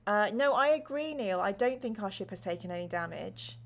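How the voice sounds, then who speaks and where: A woman's voice: medium pitch, expressive, a little fast, vocal fry, hardly any pauses. A woman streaming a gamebook live, bubbly and laughing often, reading out viewers' chat messages and narrating the story.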